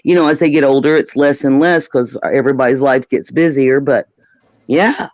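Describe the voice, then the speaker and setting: A woman's voice: a bass voice, normal speed, a little mellow, dry recording, muffled recording. A middle-aged woman on a call, talking bluntly and emphatically in casual chat.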